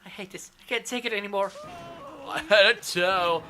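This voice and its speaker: A man's voice: high voice, normal speed, bright, forceful tone, voice pushed up. A man voicing an upset, panicky teenage girl in a whiny, pleading manner. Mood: distraught.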